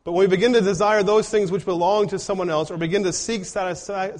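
A man's voice: sits high, steady tone, fairly quick, few pauses, a little mellow. A man preaching a sermon in an earnest way, often putting rhetorical questions to his congregation. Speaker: pastor.

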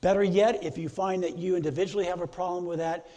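A man's voice: high voice, fairly even intonation, fast talker, warm tone. A middle-aged man preaching a sermon as pastor, earnest, stacking repeated phrases into lists.

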